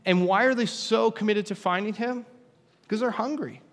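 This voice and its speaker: A man's voice: high voice, moderate pace, a bit bright. A young man preaching a casual, conversational sermon with humorous asides. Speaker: pastor. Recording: long hall reverb.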